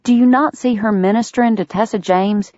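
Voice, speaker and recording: A spirited young frontier woman with a quick-witted, indignant way of arguing, her voice leaping up and down in pitch, as a woman narrator plays her. The recording is dry and somewhat dull. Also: lively intonation, no room sound, close to an everyday voice. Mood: earnest.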